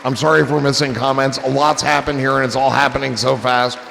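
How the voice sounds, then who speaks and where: A man hosting a live stream, chatting casually and telling rambling, profane stories that turn excited. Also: mid-range voice, quick pace, creaky, big-room sound. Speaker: streamer host.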